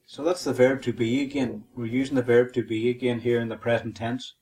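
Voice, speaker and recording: Guy teaching, says each phrase twice real slow, patient. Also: mid-range voice, flat delivery, darkish tone, slight background noise. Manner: patient, repeats phrases slowly for learners. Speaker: Irish language teacher. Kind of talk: podcast language lesson.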